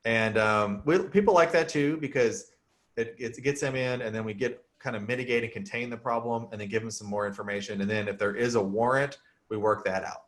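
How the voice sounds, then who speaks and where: Brief: male defense attorney hosting a casual chat, mid-pitched, relaxed and joking, plain-spoken. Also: a little fast. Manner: easygoing, joking, explains plainly with everyday examples. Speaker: criminal defense lawyer and host.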